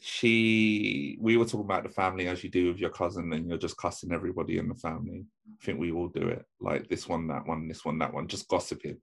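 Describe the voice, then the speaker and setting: A man with a fairly low voice tells a story at an easy, unhurried pace. His casual chat is loose and conversational, padded with fillers as he goes. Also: creaky. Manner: relaxed storyteller, many fillers.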